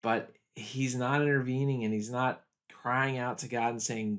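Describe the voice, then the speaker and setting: A pastor talking through a TV episode in a video study guide, earnest and reflective, slowing down to weigh key moments. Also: male voice, medium pitch, steady tone, a bit bright. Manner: earnest, reflective, slows down for quoted lines.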